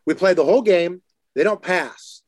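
Animated high-voiced man telling stories. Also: normal speed, no echo. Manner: animated, acts out quotes in lively higher voices. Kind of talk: casual storytelling chat.

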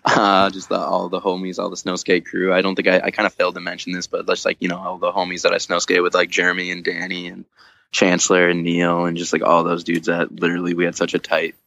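A man's voice: deep voice, completely flat delivery, fast, creaky, pushed and bright, no room sound, dull audio. A man chatting as a podcast guest, telling a long story in a loose, casual way, full of fillers and swearing, with laughs at the funny parts.

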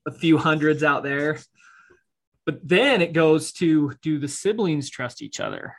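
A man's voice: a little high, very animated, unhurried, a bit bright. Man, podcast co-host, casual explainer, easygoing, laughs easily. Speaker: estate planning attorney co-host.

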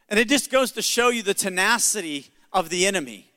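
A man's voice: sits high, big pitch swings, moderate pace, bright, forceful tone, in a large hall. A male pastor preaching a sermon in an emphatic, conversational way with jokes.

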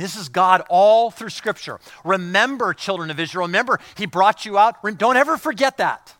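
Guy preaching, bright high voice, dry close sound, gets loud then drops way down soft, repeats himself a lot. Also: expressive, normal speed, hardly any pauses, dry recording. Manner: passionate, repeats words, swings from loud to hushed. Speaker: pastor. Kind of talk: sermon.

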